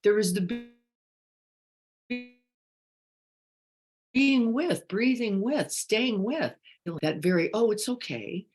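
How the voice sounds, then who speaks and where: Gentle, questioning woman meditation teacher. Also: fairly high pitch, animated, drawn-out words, pauses often, soft background music. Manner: questioning and gentle, swings from hushed to emphatic. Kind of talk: reflective dharma talk, reading participant comments.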